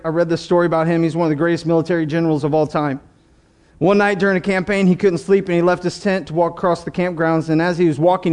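A male pastor preaching a sermon in an animated, emphatic way, with jokes and asides. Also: a little high.

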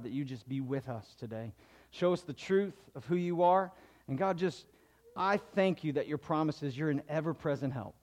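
A man's voice: on the high side, a little mellow. A middle-aged man, a pastor, giving a conversational sermon that builds to emphatic preaching.

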